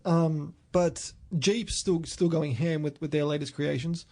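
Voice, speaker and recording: A man's voice: a little high, steady tone, unhurried, warm tone. A young Australian man chatting enthusiastically about cars on a podcast, with lots of restarts. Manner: enthusiastic car talk, many restarts. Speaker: podcast host. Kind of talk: casual chat.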